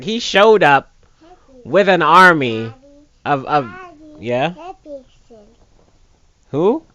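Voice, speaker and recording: A man giving casual let's play commentary, joking and mocking the game in an animated way. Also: on the high side, very slow, long pauses, dull audio.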